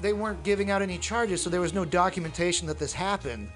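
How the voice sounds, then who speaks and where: A man co-hosting a casual radio talk show, telling profane, animated stories and acting out the people he quotes. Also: high-pitched, quick pace, faint music behind. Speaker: podcast co-host, comedian. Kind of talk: casual chat, storytelling.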